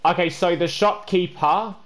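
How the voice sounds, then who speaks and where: A man hosting a gameplay video, stammering and repeating words, then scolding another player loudly. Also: high voice, steady tone, measured pace. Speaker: gaming channel host. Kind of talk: casual gameplay chat.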